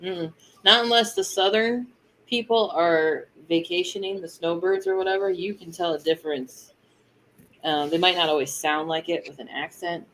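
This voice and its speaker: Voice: mid-range voice, steady tone, moderate pace, fairly bright tone, a little hiss or hum, low-quality recording. A co-host in a casual live chat, chatty, often laughing and losing the thread mid-thought.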